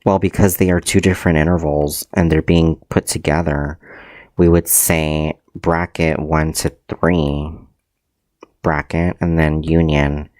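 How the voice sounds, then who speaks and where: A man's voice: rumbling low, little pitch movement, a little slow, a little mellow, no room sound. A man teaching a livestreamed math lecture, hesitant, with many ums and frequent self-corrections.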